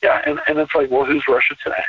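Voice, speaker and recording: A man's voice: medium pitch, flat delivery, quick pace, breathy edge, distant mic. An American man talking in a rambling, emphatic way, repeating himself, heard over a tinny phone line. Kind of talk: casual conversation.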